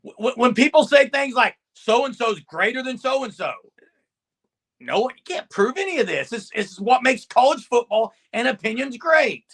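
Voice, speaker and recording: A man co-hosting a casual sports talk stream, loud and emphatic, sometimes yelling. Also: extremely high pitch, big pitch swings, normal speed, gravelly, few pauses. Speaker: co-host.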